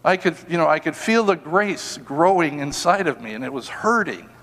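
An older man preaching a sermon with a fairly high voice. He tells personal stories in an animated, self-mocking, humorous way. The sound has the long reverb of a church hall. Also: normal speed. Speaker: pastor.

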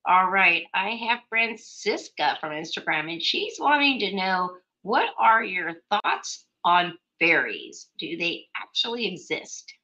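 Bright-voiced chatty woman host. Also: on the low side, very animated, slow pace, hardly any pauses. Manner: chatty, reads listener questions, laughs easily. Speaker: radio show host. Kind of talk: casual chat. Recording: dull lo-fi audio.

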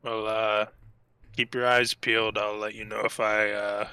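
Dry, terse man with flat voice. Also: on the low side, a little slow, smooth, no room sound. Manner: dry, terse, laid-back. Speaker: player. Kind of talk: playing a detective in a tabletop game.

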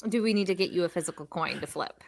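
A woman's voice: fairly low pitch, quick pace, creaky, darkish tone, no echo. A woman co-hosting a casual music podcast, teasing her partner and laughing often. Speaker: podcast co-host.

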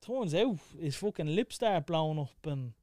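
A young Dublin man telling a story in casual chat, animated and full of swearing. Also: a little high, normal speed, dry recording, studio quality. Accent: Dublin Irish.

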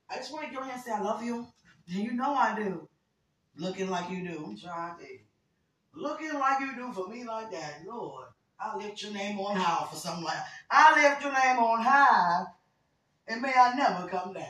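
A woman's voice: fairly high pitch, fairly bright tone, reverberant. A woman talking casually and fondly to someone she loves, breaking into prayer and laughing often. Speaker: vlogger. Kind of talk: casual heartfelt talk to camera.

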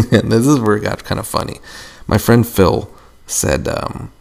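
A man's voice: lowish voice, measured pace, vocal fry, a little mellow. A young man hosting a casual solo podcast, rambling and venting with lots of swearing. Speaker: podcast host.

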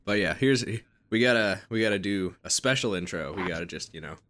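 A man's voice: low-pitched, expressive, a little fast, a bit bright. A man co-hosting a podcast, making wry jokes in casual chat. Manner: wry, joking. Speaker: podcast co-host.

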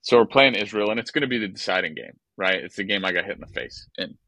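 A lower-pitched man with a bright, forceful tone tells stories on a podcast in a profane, exasperated style. The mic is close and the sound is dry. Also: fast, dry recording, rough recording. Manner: animated, profane, exasperated storytelling. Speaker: podcast co-host, former baseball player. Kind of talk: casual podcast storytelling.

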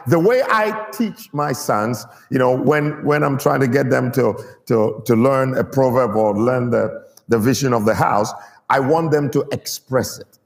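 A man's voice: medium pitch, measured pace, gravelly, in a large hall. A man preaching a sermon to his church, stressing key words and getting the people to repeat them. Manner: emphatic, draws out key words and gets the congregation to repeat.

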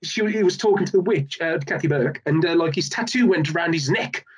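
A man in a casual film chat, rambling with lots of restarts and fillers, getting animated. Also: on the high side, a little fast, husky.

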